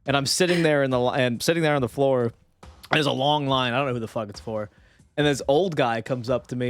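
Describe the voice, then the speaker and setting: A man's voice: medium pitch, fast talker, soft background music. A young man hosting a podcast, telling a story in casual chat, acting out the voices of the people in it and swearing freely. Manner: animated, acts out voices in anecdotes, swears casually. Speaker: podcast host.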